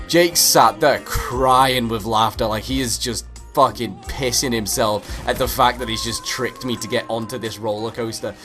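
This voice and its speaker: A young British man spins a comic story to camera, animated and over the top, with plenty of swearing. His pitch sits in an ordinary middle range. Faint music plays underneath. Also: moderate pace, few pauses. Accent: British English. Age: young adult. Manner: animated, exaggerated, swears a lot. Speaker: vlogger.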